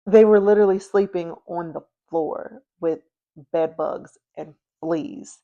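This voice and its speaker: A woman hosts a history podcast and talks it through slowly and unhurriedly. Her voice sits a little low, and her telling is chatty and informal. She keeps checking in with her listeners as she goes. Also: dull audio. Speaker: podcast host. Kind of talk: casual history storytelling.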